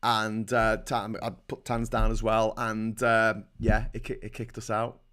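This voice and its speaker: A man's voice: fairly low pitch, completely flat delivery, a little slow, a bit bright, clean tone. A man with a Liverpool accent hosting a casual livestream, reading viewer comments aloud and reacting in a blunt, sweary, rambling way. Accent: Liverpool (Scouse). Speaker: livestream host.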